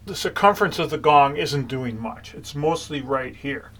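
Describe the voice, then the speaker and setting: A man giving a calm, explanatory gong lesson, talking in short phrases between strokes. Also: mid-range voice. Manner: calm, explanatory, with many pauses while playing. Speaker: gong teacher. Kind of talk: demonstration lesson.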